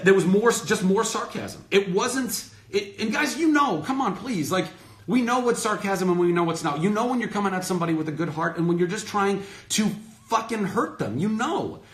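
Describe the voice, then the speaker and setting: A man in his thirties speaks in a fairly high, very lively voice, talking fast and loose on a phone livestream. He rants with real passion and drops curse words for emphasis. The room around him sounds echoey. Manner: passionate, emphatic, swears freely. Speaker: host of his own livestream Q&A. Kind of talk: heated off-the-cuff rant to followers.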